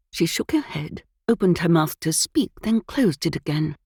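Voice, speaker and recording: A woman narrating a cozy mystery audiobook with lively, expressive storytelling. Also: on the low side, moderate pace, slightly rough, dry recording, studio quality.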